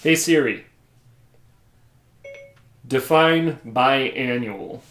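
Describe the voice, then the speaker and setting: A man's voice: medium pitch, very slow, a bit bright. Rambling, self-deprecating male podcaster. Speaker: podcast host. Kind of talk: casual solo podcast chat. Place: room at home.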